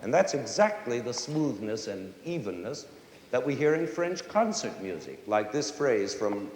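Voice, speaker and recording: A man's voice: medium pitch, a little slow. A middle-aged man teaches music in a big concert hall, his voice swinging up and down as he explains and breaks into snatches of song. The sound is roomy, with a long hall reverb and a faint hiss behind it. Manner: animated, sings and hums short folk tunes to demonstrate. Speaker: conductor and music educator. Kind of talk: lively spoken lecture to a young concert audience. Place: large concert hall with audience.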